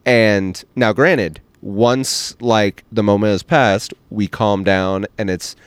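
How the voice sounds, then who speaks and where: A man co-hosting a podcast in casual chat, a parent who acts out quotes with lively emphasis, recorded on an outdoor patio. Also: lowish voice, slow pace, clear, resonant tone, no echo. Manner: animated storyteller, acts out quotes. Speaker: podcast co-host. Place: back patio outdoors by a fire.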